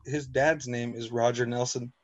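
A man co-hosting a podcast, laid-back in casual, profane chat and quick to riff on his partner's stories. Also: medium pitch, steady tone, dull audio, noisy background. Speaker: podcast co-host.

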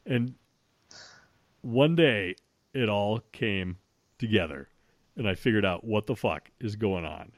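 A man's voice: lowish voice, lively intonation, slow pace, pauses often, slight background noise. Profane rambling man telling a story. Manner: profane, rambling with frequent restarts. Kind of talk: casual storytelling.

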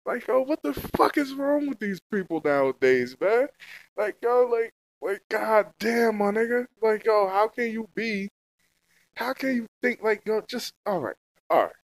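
Young man, high-pitched, dry close mic; profane, heated street-slang rant. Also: expressive, measured pace, no echo. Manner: heated, repetitive, heavy slang and swearing. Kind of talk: casual profane rant to camera.

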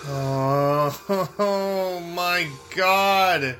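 The same exasperated player swears and laughs at the boss, addressing the game directly as he grumbles about it. Now his voice sits high and sharp, very slow, with soft music playing behind.

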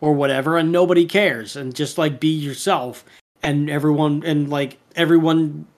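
A man's voice: fairly high pitch, fairly even intonation, normal speed. A man in casual podcast chat, rambling through a cartoon episode with lots of fillers and restarts.

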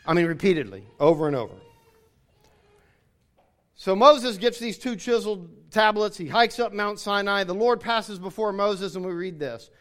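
High-voiced man preaching a sermon. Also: lively intonation, normal speed, a bit bright. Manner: expository preaching, reads scripture aloud with emphasis. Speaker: pastor.

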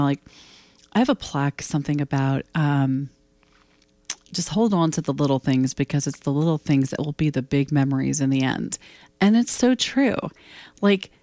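An American woman in her fifties hosts her own podcast, delivering a casual solo monologue that's candid and blunt. She swears freely and gets emotional. Her voice is deep and a little mellow, with no room sound.

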